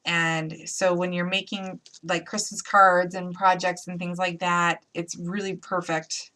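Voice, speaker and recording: A woman's voice: on the low side, flat delivery, unhurried, pushed and bright. Chatty upstate New York woman crafting. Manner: chatty, playful, thinks aloud while working. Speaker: crafting demo host. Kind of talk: live crafting tutorial, casual chat.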